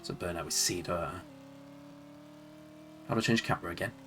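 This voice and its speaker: This is a man from Leeds, England streaming old games with casual commentary in his Yorkshire accent. His voice sits low and fairly bright at a normal pace, slight background noise behind it, as he rambles, chuckles and talks to himself mid-play.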